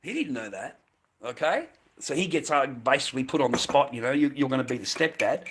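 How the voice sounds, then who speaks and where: An Australian man in a profane, rambling casual chat to viewers, breaking into loud bursts. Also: medium pitch, animated, brisk, slight background noise.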